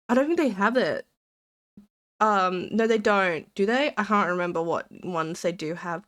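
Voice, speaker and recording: A woman streamer in casual live-stream chat, excitable and giggly, rambling and repeating herself. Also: mid-range voice, normal speed, no room sound, clean studio sound.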